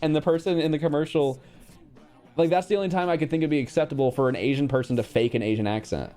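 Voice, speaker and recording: A man chatting casually on a livestream, blunt and profane, quick to react. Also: fairly high pitch, dark tone, faint music behind. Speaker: streamer.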